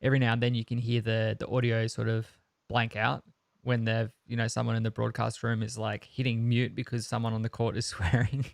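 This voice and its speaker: A man co-hosting a tech podcast in casual chat. His voice is gravelly and his delivery is fairly flat, earnest and opinionated, full of ums and restarts. The sound is close and dry. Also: medium pitch, fairly quick, no room sound. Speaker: podcast co-host.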